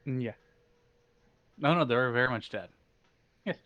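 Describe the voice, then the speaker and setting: A man narrating as game master of a tabletop game, relaxed, with frequent fillers. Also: mid-range voice, moderate pace. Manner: relaxed, laughs easily, hesitant fillers.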